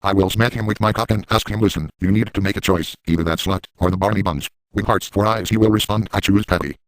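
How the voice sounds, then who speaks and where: A crude, manic grown man rattles off his boasts at a breakneck clip in a lowish voice, as a man acts him out. The delivery is gleeful yet deadpan. The sound is close and dry, with no room around it. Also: fast, dry recording, lightly acted, rough recording. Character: crude, manic adult man boasting about outrageous deeds. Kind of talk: crude first-person parody narration.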